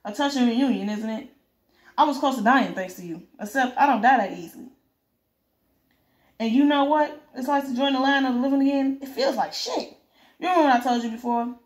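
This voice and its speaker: A woman's voice: high voice, brisk, roomy sound, lightly acted. A woman voicing a ruthless male gang boss who talks in sneering, foul-mouthed threats.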